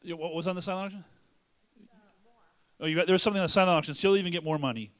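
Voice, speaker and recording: A man emcees a charity auction at a fundraiser. His voice sits somewhat high. He jokes, rambles and cuts himself off to restart. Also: rapid-fire, fairly bright tone. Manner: joking, rambling, self-interrupting. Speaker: event emcee. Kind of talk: casual emcee banter. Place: church hall fundraiser.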